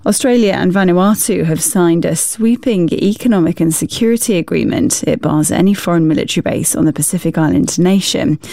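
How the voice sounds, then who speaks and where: Dark, gravelly woman newsreader. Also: lowish voice, dry recording, clean studio sound. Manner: measured, formal read. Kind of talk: scripted news bulletin.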